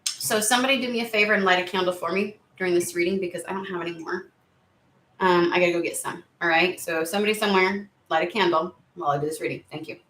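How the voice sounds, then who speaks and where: A woman's voice: fairly low pitch, steady tone, quick pace, a bit bright, roomy sound, a little hiss or hum. A woman giving a casual tarot reading to camera, chatty and rambling, easily sidetracked. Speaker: tarot reader.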